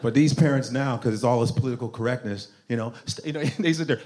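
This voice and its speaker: A man doing a stand-up routine, talking with the crowd loudly and mimicking his parents' voices. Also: medium pitch, fast, few pauses. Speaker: stand-up comedian.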